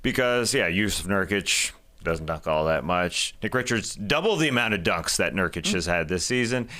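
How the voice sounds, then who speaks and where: Male co-host, low voice, bright, casual analysis. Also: expressive, normal speed. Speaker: podcast co-host. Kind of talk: sports analysis chat.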